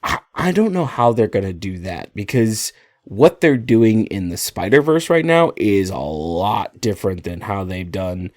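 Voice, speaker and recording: A man's voice: on the low side, very animated, a little slow, a little mellow, no room sound, studio quality. A man co-hosting a movie podcast, explaining things in a casual, enthusiastic way. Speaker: podcast co-host. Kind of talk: casual chat.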